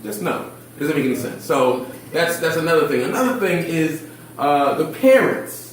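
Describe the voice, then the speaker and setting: A man in his twenties from Philadelphia who works with charter school kids, talking casually in an animated, slangy way with acted quotes. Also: a little high, normal speed, heavy reverb, far from the mic, a little hiss or hum, low-quality recording. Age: 20s. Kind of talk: casual discussion.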